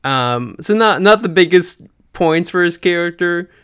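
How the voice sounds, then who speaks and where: A man co-hosting a podcast in casual chat, chatty, filling pauses with ums and often laughing. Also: sits high, lively intonation, fairly bright tone, clear, resonant tone. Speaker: podcast co-host.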